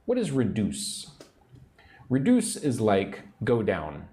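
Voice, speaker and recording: Man, English teacher on a livestream, deep mellow voice, unhurried, lots of rise and fall. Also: huge pitch swings, a little hiss or hum. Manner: slow, explains words and drills pronunciation, reads viewer comments. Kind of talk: livestream language lesson. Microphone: own microphone at a computer.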